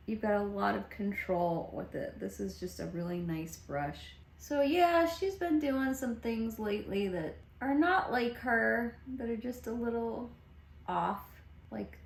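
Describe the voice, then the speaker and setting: A woman talking casually in a home beauty vlog at a middle pitch. She rambles and often restarts her sentences. The room gives her voice a noticeable echo. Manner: chatty, rambling, with repeated restarts. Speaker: beauty vlogger. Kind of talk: casual makeup vlog chat. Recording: roomy echo.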